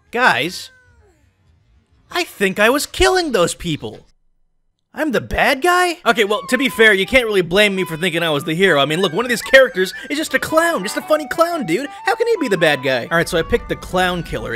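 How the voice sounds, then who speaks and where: A young man giving comedic gameplay commentary, deadpan and ironic, breaking into sudden loud outbursts. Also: sits high. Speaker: gaming YouTuber.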